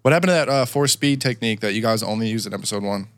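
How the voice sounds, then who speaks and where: A man's voice: lowish voice, very fast, dry recording. A man chatting casually while reacting to a movie, with sarcastic, laughing, swearing asides. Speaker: movie commentator.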